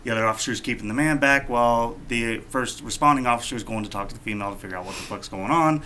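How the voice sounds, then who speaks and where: A man's voice: mid-range voice, racing, sharp tone, slight background noise. A man co-hosting a podcast, casually telling a rambling, profane story. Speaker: podcast co-host.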